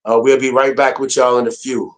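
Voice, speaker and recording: Man, show host, casual news chat, relaxed loose delivery, fillers. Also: mid-range voice, brisk. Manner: laid-back, loose, with fillers.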